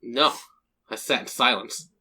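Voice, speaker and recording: A man's voice: medium pitch, unhurried, sharp tone, husky. A young man co-hosting a podcast, trading dry joking quips in a casual chat. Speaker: podcast co-host.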